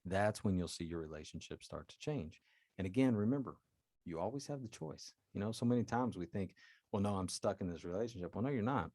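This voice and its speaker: A man's voice: on the low side, expressive, brisk, mellow, no echo, clean studio sound. A man hosting a solo advice podcast as a life coach, talking earnestly and directly to his listeners.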